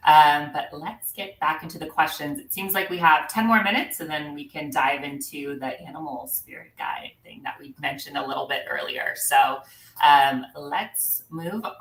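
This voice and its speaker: A woman's voice: low voice, pushed and bright. A woman hosting a live stream and reading out viewers' questions in an easygoing way with frequent ums. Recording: roomy, distant mic.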